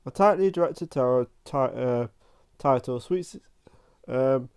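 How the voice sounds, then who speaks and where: A man giving a casual spoken film review, rambling and halting, often restarting his sentences and filling them with "like". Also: medium pitch, a little mellow, clear, resonant tone.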